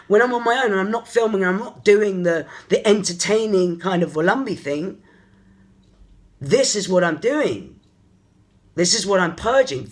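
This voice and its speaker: Spiritual coach type rambling openly to camera, stops and restarts a lot, mid pitch. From London, England. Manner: earnest, searching, thinks aloud in halting phrases. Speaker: energy therapist and spiritual coach. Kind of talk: personal confessional vlog.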